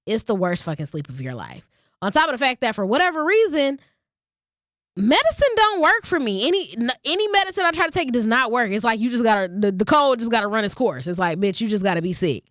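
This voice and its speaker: She talks fast, her high-leaning, somewhat bright voice swinging widely in pitch as she reads a short passage and then rants in blunt, profane storytelling for her vlog. The sound is clean studio quality with no echo.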